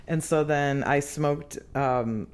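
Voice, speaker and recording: A woman, a lead singer, telling lively stories in casual podcast chat, often laughing and acting out what others said. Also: deep voice, takes it slowly. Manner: animated, laughs often, acts out quotes. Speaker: singer guest.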